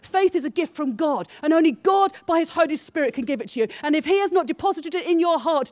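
A woman's voice: very high voice, lively intonation, quick pace, few pauses, no echo, studio quality. A woman preaching a sermon to her church in an earnest, personal way. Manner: earnest, builds from soft confessional to emphatic.

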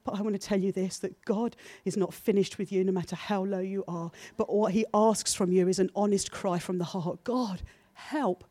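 A woman's voice: medium pitch, steady tone, brisk, few pauses, no room sound. A woman preaching a sermon to her church in an earnest, personal way. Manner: earnest, builds from soft confessional to emphatic.

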